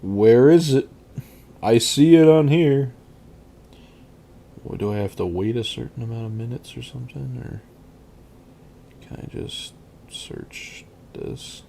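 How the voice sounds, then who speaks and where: A man's voice: medium pitch, slow pace, gravelly, pauses often, warm tone, a little hiss or hum. A man streaming a game, chatting casually and rambling as he reads and answers his chat.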